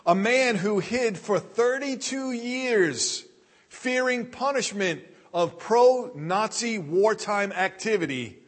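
Male pastor, high register, slow deliberate sermon delivery, echoing hall reverb. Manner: deliberate preaching, reading scripture aloud.

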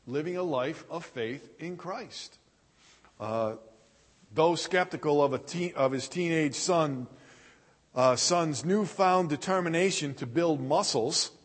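A man preaching a sermon, earnest and repetitive, pausing and restarting as he builds his points. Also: a little high, long reverb tail. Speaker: pastor.

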